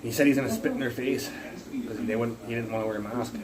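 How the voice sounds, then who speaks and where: A man's voice: mid-range voice, steady tone, quick pace, over a noisy crowd, poor audio. A man livestreaming from his phone, ranting in a rambling, profane, casual way. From Canada.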